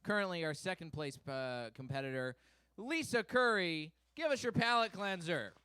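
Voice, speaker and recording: A man's voice: sits high, expressive, moderate pace, bright, forceful tone. A man hosting a live comedy game show on a theater stage, announcing contestants with upbeat hype. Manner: upbeat announcing, hyping names to a crowd.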